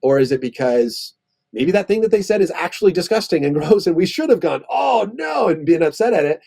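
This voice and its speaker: A man talks through an idea as a guest in an interview, thoughtful and long-winded, circling back and restarting phrases. His voice is slightly husky with a mellow, darker tone. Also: a little high, expressive, fast. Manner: thoughtful, explains at length with restarts. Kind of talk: conversational interview.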